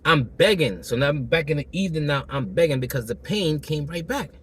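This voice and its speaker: A man with a hoarse, still-recovering throat tells a personal story to camera in a loose, slangy way, repeating himself and acting out the exchanges. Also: a little high, animated, fairly quick, a bit bright. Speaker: vlogger telling a personal story.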